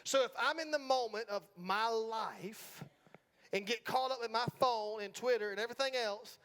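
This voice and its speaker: A man's voice: very high voice, moderate pace, fairly bright tone. A middle-aged man with a Southern US accent preaching a sermon in a church, talking with the congregation in a casual, joking way and often checking in with "right?". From Georgia, US. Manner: conversational, asks the congregation "right?" often, jokes. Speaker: pastor. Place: church sanctuary.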